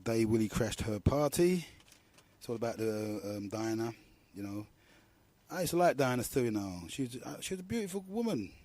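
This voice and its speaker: Middle-aged London radio host, rambling and slangy, warm low-key tone, dry close sound. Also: male voice, lively intonation, moderate pace, dry recording. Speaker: radio talk show host. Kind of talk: casual monologue.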